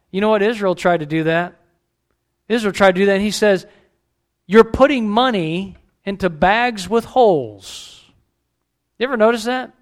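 A man's voice: sits high, smooth. A middle-aged man, a pastor, preaching a conversational sermon full of rhetorical questions and asides to the congregation.

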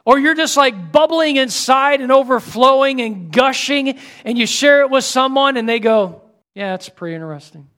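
A middle-aged male pastor preaching a sermon with dynamic delivery, swinging between loud exclamations and hushed lines. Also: very high voice, normal speed, few pauses, clear, resonant tone.

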